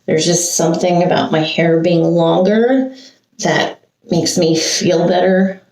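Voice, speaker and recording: A woman's voice: lowish voice, fairly even intonation, slow pace, darkish tone. An older woman from Santa Cruz, California, vlogging as she gets ready and talking in a rambling, emotional way with sighs and restarts. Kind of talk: get-ready-with-me chat. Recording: roomy echo, heard from a distance.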